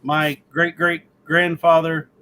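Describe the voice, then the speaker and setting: A man's voice: on the high side, little pitch movement, takes it slowly, sharp tone, a little hiss or hum, poor audio. A man in a casual group chat, rambling with many fillers.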